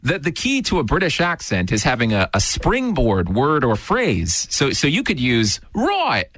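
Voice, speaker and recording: A man's voice: medium pitch, wildly swooping pitch, moderate pace, a bit bright. Playful teasing male radio host. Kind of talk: casual radio banter.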